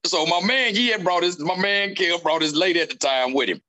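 A male stand-up comedian in casual chat, telling animated stories and acting out what people said. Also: sits high, fairly quick. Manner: animated storyteller acting out quotes.

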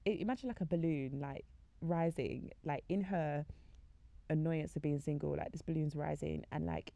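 Chatty young woman with a gravelly, low voice. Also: normal speed, dark tone, dry recording. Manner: chatty, frequent "like" fillers, acts out quoted conversations. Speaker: faith podcast speaker. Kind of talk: casual faith talk monologue.

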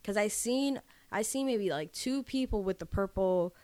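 A woman's voice: mid-range voice, normal speed, dry recording. A young woman co-hosting a podcast, telling casual stories with swearing and acted-out quotes. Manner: animated storyteller, profane, acts out quotes. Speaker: podcast co-host. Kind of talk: casual chat.

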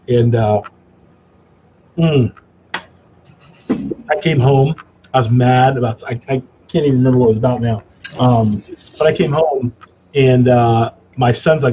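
Middle-aged man telling animated stories. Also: mid-range voice, a little slow, long pauses, dull audio, a little hiss or hum. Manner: animated, self-mocking anecdotes with restarts. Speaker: cigar company guest. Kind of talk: casual storytelling chat.

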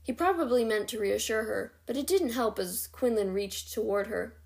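A woman reading a novel chapter aloud in a steady, even narration. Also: fairly high pitch, normal speed, vocal fry. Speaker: reader.

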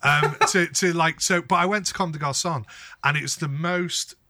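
A man's voice: on the high side, normal speed, background noise. A man co-hosting a casual podcast, telling stories with lots of swearing. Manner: animated storytelling, heavy swearing. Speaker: podcast co-host. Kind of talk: casual chat.

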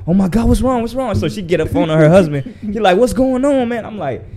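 A young man from Mali telling a story in casual chat, animated and profane, acting out what people said. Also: high-pitched, fairly quick, a crowd in the background.

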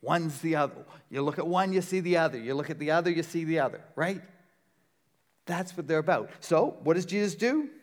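A man preaching a sermon in a conversational, rhetorical way, often checking in with a quick "right?". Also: fairly high pitch, lively intonation. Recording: long reverb of a large hall.

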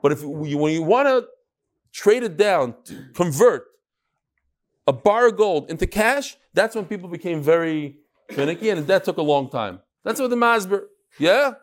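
A rabbi leads his Talmud class in an animated lecture, breaking off to tell stories. The man speaks in a somewhat high voice and talks straight to the students in front of him. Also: moderate pace. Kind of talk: lively lecture with storytelling.

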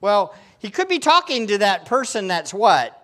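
A man's voice: high-pitched, very animated, normal speed, fairly bright tone. A male pastor preaching a sermon, emphatic and fond of putting rhetorical questions to his congregation.

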